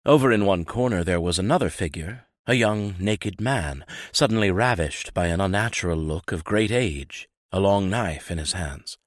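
A man with a very deep voice reads a grim true account in a steady, grave, measured way. The recording is dry and close, with no room echo. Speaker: author and narrator. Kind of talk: scripted narration.

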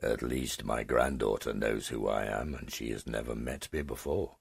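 A man voicing an ancient, condescending male dragon in an audiobook, with a deep growling voice and a slow, superior manner. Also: vocal fry, husky, no echo, studio quality, full character voice. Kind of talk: audiobook character voice.

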